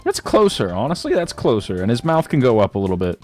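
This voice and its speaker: A man's voice: medium pitch, sing-song, quick pace, darkish tone, soft background music. A man streaming a game and chatting casually, laid-back and slangy, joking at his own expense and laughing often.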